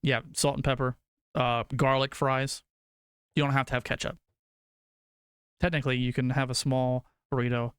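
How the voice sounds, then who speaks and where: A young man streaming to his chat, rambling through food debates and cursing casually. His voice is smooth and clear, recorded dry and close on a desk mic. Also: mid-range voice, flat delivery, normal speed, pauses often, a bit bright, no echo. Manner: rambling, swears casually, argues food opinions.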